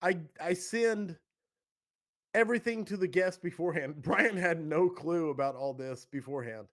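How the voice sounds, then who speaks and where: Easygoing high-voiced male podcast host. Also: moderate pace. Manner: laughing, easygoing. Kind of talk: casual chat.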